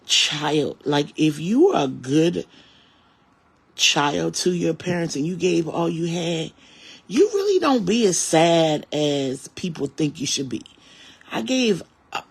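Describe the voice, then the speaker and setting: A man's voice: medium pitch, creaky, husky. A man in his forties, a comedian, talking earnestly and directly to his viewers in a reflective, faith-filled personal monologue. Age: 40s.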